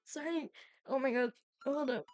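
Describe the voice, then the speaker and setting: A woman's voice: high voice, normal speed, darkish tone, lo-fi sound, soft background music. Giggly, scattered young woman streamer. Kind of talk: casual game stream, reading dialogue aloud.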